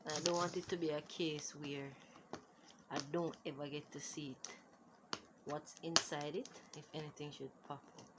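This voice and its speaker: A woman, unboxing gifts in a casual vlog, excitable and exclaiming, recorded on a phone. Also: sits low, moderate pace. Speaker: vlogger. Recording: phone recording with clear background noise.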